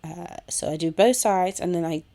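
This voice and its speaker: Low, gravelly young woman. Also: moderate pace. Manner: relaxed, chatty, chewing gum while talking. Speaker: hair tutorial host. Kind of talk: casual step-by-step tutorial. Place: home room with a kettle nearby.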